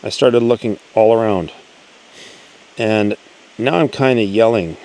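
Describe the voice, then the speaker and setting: Low-voiced guy slowly reading out a listener's story, earnest, pausing a lot. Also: a little mellow, rough recording. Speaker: channel host.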